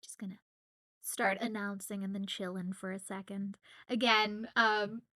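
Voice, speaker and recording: A woman from Southwest Louisiana chatting casually on a livestream while signing autographs, giggling often and filling pauses with "um" and "uh.". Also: mid-range voice, level tone, pushed and bright. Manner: chatty and giggly, with many fillers. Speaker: voice actor signing autographs on stream.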